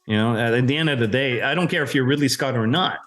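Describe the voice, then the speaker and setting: A man's voice: mid-range voice, fast, a bit bright, faint music behind. A man co-hosting a show, arguing his view of a film in casual debate, emphatic and swearing casually.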